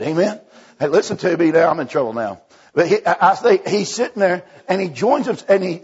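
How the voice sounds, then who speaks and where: A man's voice: fairly high pitch, darkish tone, husky, dull audio. A man preaching a folksy sermon, telling a story and acting out the dialogue with many restarts. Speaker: evangelist preacher.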